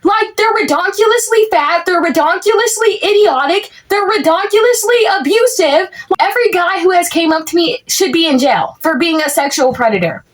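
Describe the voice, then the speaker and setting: A woman's voice: very high voice, lively intonation, moderate pace, few pauses. A young woman delivering a rambling, exasperated comedic rant to the camera, full of filler words. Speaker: content creator. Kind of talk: comedic POV rant monologue.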